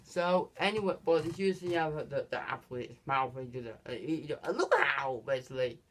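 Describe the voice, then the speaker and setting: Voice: mid-range voice, slight background noise. A channel host retelling a film's plot in a casual, rambling way, stumbling and restarting, leaning on "basically" and "this is where". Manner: halting, frequent restarts and stumbles. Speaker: movie reviewer. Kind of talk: casual spoken movie review.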